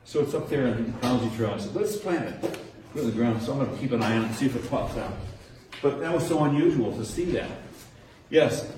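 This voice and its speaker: Man guide at a nature center, chatty and animated with a group, miked from far off in a very echoey room. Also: medium pitch, fairly quick, a little hiss or hum. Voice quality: chatty, acts out kids' answers with rising tones. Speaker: nature center docent training teachers. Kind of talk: informal talk to a small group. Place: indoor room with a nature diorama.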